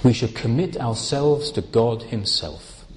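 Slow, lively-voiced male preacher. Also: mid-range voice, long reverb tail, slight background noise. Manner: slow, deliberate, emphatic phrasing. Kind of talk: Bible teaching sermon.

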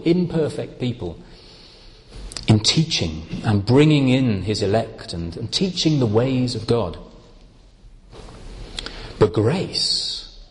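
A man preaching a sermon, explaining Bible words in a slow, deliberate, emphatic way. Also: mid-range voice, long reverb tail, slight background noise.

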